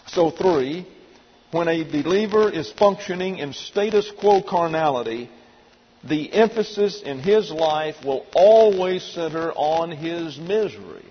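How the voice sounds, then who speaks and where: A man teaching a verse-by-verse Bible lesson, methodically spelling out Greek words letter by letter. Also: fairly high pitch. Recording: dull lo-fi recording in a reverberant hall with faint noise.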